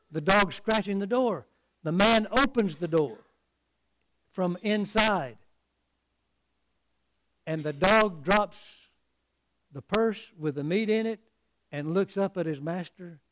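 An earnest male preacher delivering a sermon in a high voice. He speaks very slowly and haltingly, often stumbling and repeating words before carrying on. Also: fairly bright tone.

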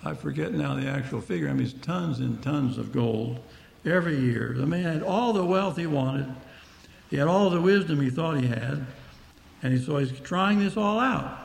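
A man's voice: fairly high pitch, expressive, moderate pace, gravelly, roomy sound. A man preaching a Bible-teaching sermon, speaking conversationally and explaining the text verse by verse to his listeners.

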